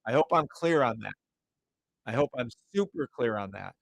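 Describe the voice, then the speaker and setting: A man's voice: mid-range voice, expressive, gravelly, poor audio. Brash, profane man calling live trades. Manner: brash, profane, calls out trades in rapid repeated bursts; mocks imagined viewers in a whiny voice. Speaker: live trading stream host. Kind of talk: live trading commentary.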